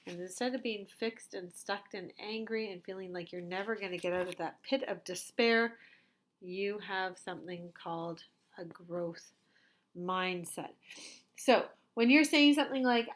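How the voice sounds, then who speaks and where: A woman teacher talks to young children in a recorded lesson, gentle and expressive. Her voice sits a little high, and she speaks in a warm, patient way meant for small kids. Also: moderate pace. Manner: gentle and expressive, acting out a child's feelings in quotes.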